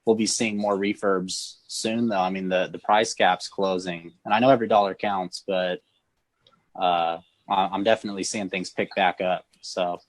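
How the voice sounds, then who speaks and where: A man's voice: low voice, steady tone, normal speed, no echo. A man talking casually on a video call about his repair work. He hesitates and repeats words as he explains. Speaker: phone screen refurbisher guest. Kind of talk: casual live-stream chat.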